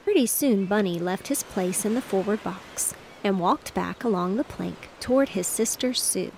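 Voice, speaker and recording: Woman, soft bedtime story narration, soothing and even, middle pitch, faint noise in the background. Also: normal speed, creaky.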